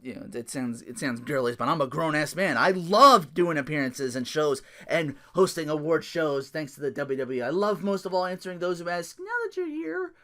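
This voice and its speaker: A man hosting a podcast, recapping wrestling matches in a casual, animated play-by-play, laughing often and swearing freely. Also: on the high side, a little fast, hardly any pauses. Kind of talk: casual solo recap with impressions.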